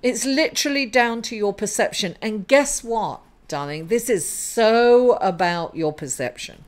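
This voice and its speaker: A woman's voice: on the high side, measured pace. Effusive middle-aged woman calling you darling. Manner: effusive, calls listener darling; encouraging, upbeat. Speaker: tarot reader. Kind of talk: tarot reading monologue.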